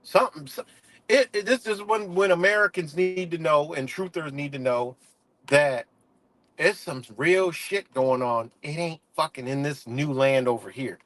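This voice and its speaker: A man's voice: fairly high pitch, normal speed, fairly bright tone, no room sound. Profane, rambling man ranting on a livestream. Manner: heated, profane, rambling with many fillers. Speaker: livestream host. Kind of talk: casual livestream rant.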